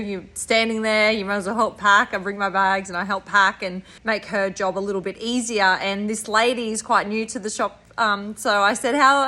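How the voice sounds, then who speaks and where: A woman's voice: mid-range voice, bright, forceful tone. A woman, a spiritual coach chatting enthusiastically through a story for her vlog.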